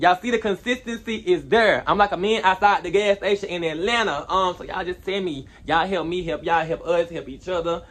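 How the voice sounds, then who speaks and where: A young man telling a storytime vlog in an animated, slangy way, rambling with asides. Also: sits high. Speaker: vlogger.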